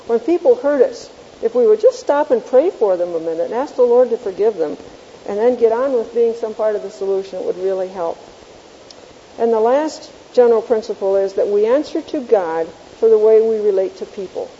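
A woman's voice: a little high, fairly quick, dark tone, in a large hall. A woman teaching a Bible class, telling homely stories with self-mocking chuckles and quizzing the class on her points. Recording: dull lo-fi tape with faint hiss.

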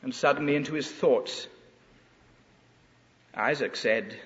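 High bright-voiced dramatic preacher. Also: male voice, expressive, normal speed. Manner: dramatic, emphatic, retelling scripture with rising fervor. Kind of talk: expository sermon. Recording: echoey hall, dull lo-fi sound.

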